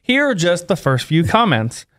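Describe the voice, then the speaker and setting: A man co-hosting a comedy podcast, telling a story in a lively, animated way, laughing and jumping into loud exclamations, just back from an illness. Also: sits high, moderate pace. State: recovering from illness. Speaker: podcast co-host.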